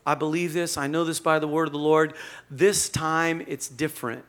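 A male pastor preaching a sermon in a conversational, animated storytelling manner. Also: fairly high pitch, moderate pace.

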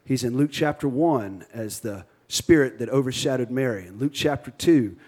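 A pastor with a Cajun accent preaching a sermon with energy, leading the congregation in call-and-response and cracking jokes. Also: male voice, mid-range voice, lively intonation, moderate pace, darkish tone, slightly rough.

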